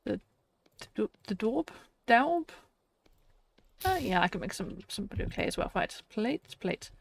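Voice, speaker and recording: A woman's voice: on the high side, very animated, unhurried, creaky. A woman streaming a survival game, chatting to viewers and talking herself through tasks, laughing often. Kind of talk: casual live-stream chat.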